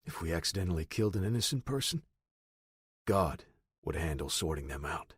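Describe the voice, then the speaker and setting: A man's voice: sits low, animated, fairly quick, breathy edge, no room sound, clean studio sound. A man narrating a first-person audiobook in a plain, matter-of-fact way.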